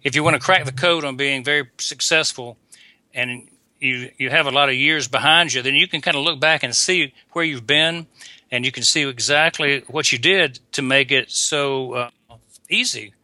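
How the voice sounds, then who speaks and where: Older man, bright forceful voice, folksy guest, dry close sound. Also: mid-range voice, no echo. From Atlanta, Georgia. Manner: folksy, unhurried, with frequent restarts. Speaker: guest dentist and coach. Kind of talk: casual interview talk. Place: visiting abroad, remote call.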